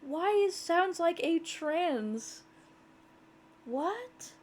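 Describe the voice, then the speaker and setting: A woman's voice: on the high side, takes it slowly, a little hiss or hum. A woman streamer chatting casually over a game, giggling often, rambling and swearing offhandedly. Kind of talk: casual chat over gameplay.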